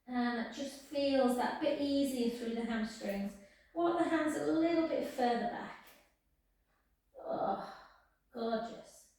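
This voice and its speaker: A woman instructor guiding a pilates class with slow, soft, soothing cues. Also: high-pitched. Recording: echoey room, far from the mic.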